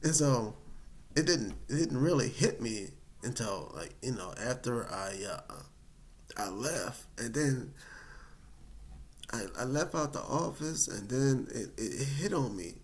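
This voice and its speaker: A man casually telling a personal story, animated and dramatic, with many fillers. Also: mid-range voice, a little slow.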